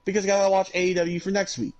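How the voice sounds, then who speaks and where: Higher-voiced co-host grumbling and swearing. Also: male voice, little pitch movement, racing, dull audio. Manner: frustrated, swearing, laughing grumbles. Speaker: podcast co-host. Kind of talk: casual chat.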